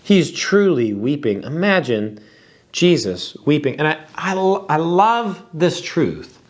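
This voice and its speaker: A man's voice: on the high side, very animated. Earnest man teaching on scripture. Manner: earnest, reflective, with slow emphatic pauses and repeated words. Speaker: Bible teacher. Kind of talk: expository Bible teaching.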